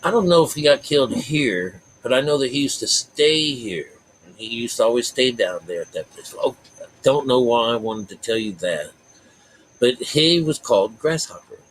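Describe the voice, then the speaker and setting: A man's voice: mid-range voice, lively intonation, moderate pace, slight background noise, poor audio. A man giving a rambling, folksy spiritual talk to his viewers, full of fillers and asides. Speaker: spiritual vlogger.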